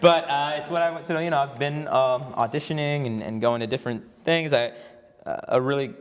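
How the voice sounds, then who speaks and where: A man's voice: mid-range voice, fairly quick, a crowd in the background. A young man in his twenties telling a story to a campus audience, chatty, with lots of fillers, restarts and laughs. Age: 20s. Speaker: alumnus guest actor. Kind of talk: casual storytelling on stage. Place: campus event in a large room before an audience. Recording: long hall reverb.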